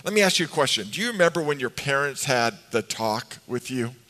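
A middle-aged male pastor delivers a sermon in a church sanctuary, his voice trailing into a long hall reverb. He preaches like a chatty storyteller, mixing in humor and questions for the congregation. His voice sits at an ordinary male pitch. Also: expressive, a little fast, pushed and bright.

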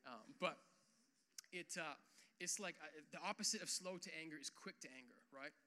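High, bright-voiced young pastor preaching. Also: male voice, a little fast. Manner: casual, animated preaching with frequent "like" and "uh"; swells louder and higher on key points. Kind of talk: sermon.

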